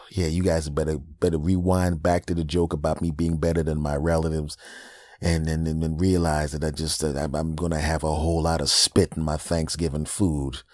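A man's voice: rumbling low, level tone, moderate pace, darkish tone, no echo. A man hosting a podcast, doing a rambling, self-deprecating comedic monologue.

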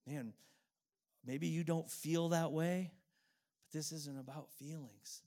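A middle-aged man preaching a sermon as a pastor, earnest and emotional, telling a personal story with pauses and repeated phrases. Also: fairly high pitch, fairly even intonation, mellow.

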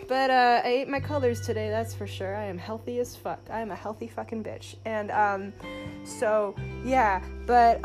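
A young woman hosting a solo podcast into her phone, rambling, profane and sarcastic, with sudden jumps in pitch. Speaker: podcast host.

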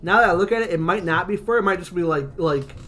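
A man's voice: high voice, fast talker, pushed and bright. A man co-hosting a casual podcast, describing comic art with hesitant restarts and wry remarks. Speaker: podcast co-host. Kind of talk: casual comic-book podcast chat with read-aloud dialogue.

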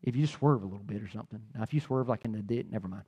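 A middle-aged man preaching a sermon, animated, repeating words and swinging between loud and soft. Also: fairly low pitch, rapid-fire, slightly rough. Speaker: pastor.

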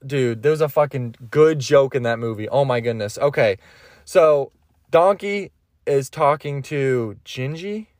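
A man's voice: medium pitch, measured pace, a little mellow, no echo, clean studio sound. A young man hosting a casual solo podcast, rambling about movies with a lot of swearing and laughing at his own jokes. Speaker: podcast host.

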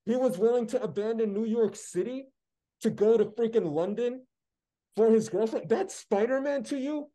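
A man's voice: extremely high pitch, moderate pace, mellow. A man co-hosting a podcast, ranting in a heated, sarcastic way during casual chat. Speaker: podcast co-host.

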